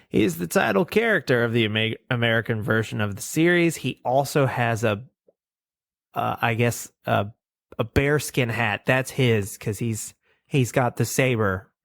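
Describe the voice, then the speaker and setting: Joking podcast guy, talks slow with a lot of up and down, dry close mic. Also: medium pitch, expressive, creaky, a bit bright, no room sound. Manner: jokey, riffing, slips into silly voices. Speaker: podcast co-host. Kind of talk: casual cartoon review chat.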